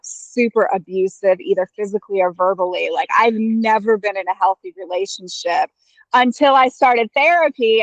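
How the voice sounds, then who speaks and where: A woman's voice: medium pitch, dry recording. A woman talking openly and chattily about her life, with lots of fillers like "like" and "you know". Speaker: guest having her chart read. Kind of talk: casual personal talk. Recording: slightly dull, lo-fi sound.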